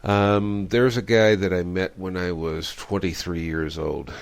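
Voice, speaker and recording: A man's voice: deep voice, fairly even intonation, measured pace, gravelly, few pauses, smooth. A middle-aged man hosting a radio interview, rambling and reflective, telling stories with many fillers. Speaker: radio show host.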